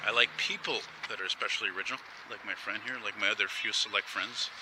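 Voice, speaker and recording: A man's voice: fairly low pitch, fairly even intonation, fast. A man hosting a casual walking vlog, talking in a rambling, chatty, enthusiastic way as he strolls outdoors. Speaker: vlogger host. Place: outdoors on a busy city street, walking. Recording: traffic noise outdoors.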